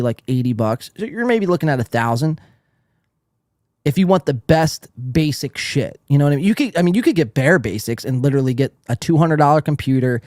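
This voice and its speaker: A man's voice: mid-range voice, darkish tone, no room sound, clean studio sound. A young man hosting a podcast in casual chat, brash, teasing and profane. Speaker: podcast host.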